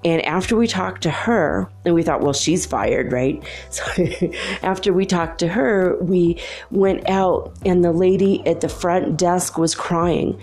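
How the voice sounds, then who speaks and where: Gravelly-voiced woman telling stories. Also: lowish voice, unhurried, faint music behind. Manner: chatty, laughs often, animated retelling. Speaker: storyteller. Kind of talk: casual anecdote.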